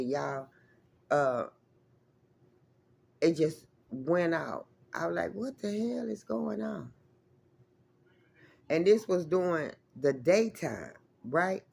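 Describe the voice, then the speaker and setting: Woman vlogging, rambly profane storytime, keeps saying y'all, real casual. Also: deep voice. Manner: rambling, emphatic, profane, addresses viewers as y'all.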